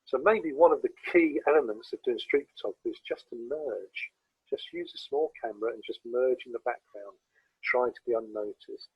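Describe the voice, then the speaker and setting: A man with a southern English accent, giving a relaxed, anecdotal photography talk with frequent hesitations over a video call. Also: medium pitch, normal speed, slightly rough, dry recording, highs cut off. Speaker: guest speaker presenting photography. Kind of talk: informal illustrated talk.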